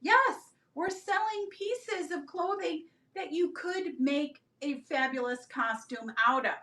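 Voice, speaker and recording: A middle-aged woman with a high, bright-toned voice hosts a live selling stream. She rambles happily through stories and calls out to viewers by name as she shows each item. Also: slow. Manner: animated, rambling storyteller who talks to viewers by name. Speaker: live-stream reseller host.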